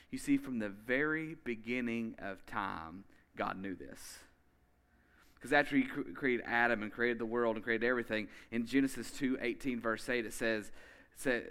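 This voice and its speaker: A man preaching a sermon as pastor, emphatic and energetic, speeding up in bursts and slowly repeating key phrases. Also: medium pitch. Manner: energetic, with quick bursts of speech.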